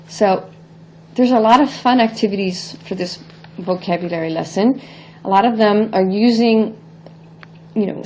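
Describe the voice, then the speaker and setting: A woman with a mellow, warm voice walks through a recorded French vocabulary lesson. She speaks English but switches to say French words and short phrases aloud, then explains them. Her tone is patient and explanatory. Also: medium pitch, slight background noise. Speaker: French teacher.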